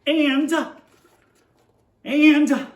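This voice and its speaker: A man's voice: extremely high pitch, steady tone, very slow, echoey room, far from the mic. A man teaching young children, playfully reading a tongue-twister picture book aloud and then explaining a math lesson at a board.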